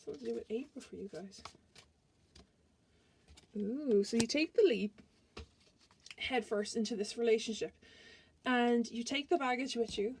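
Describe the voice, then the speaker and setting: A woman's voice: a little high, moderate pace, pauses often, darkish tone, husky. Chatty woman giving a tarot reading. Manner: chatty, rambling, restarts sentences. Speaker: tarot reader.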